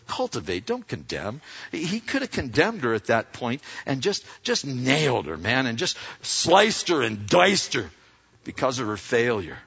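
A pastor preaches loosely and conversationally, using slang and acting out the dialogue of the people he describes. His medium-pitched voice is sing-song, gravelly, husky, and a little bright, at a moderate pace, heard through a dull recording with long hall reverb.

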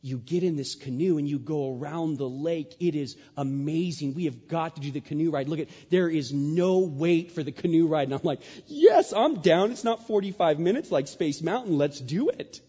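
A man's voice: moderate pace, hardly any pauses, breathy edge. A man preaching a sermon, telling a story and acting out the lines he quotes with big jumps in his voice. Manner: animated, acts out quotes with big pitch jumps. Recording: dull sound in a large hall.

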